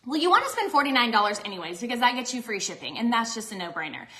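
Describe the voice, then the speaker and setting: A bubbly cooking vlogger chats with viewers while baking on a stream from her home kitchen. Her fairly high, sharp voice swings widely in pitch and comes out rapid-fire, with an echoey room around her.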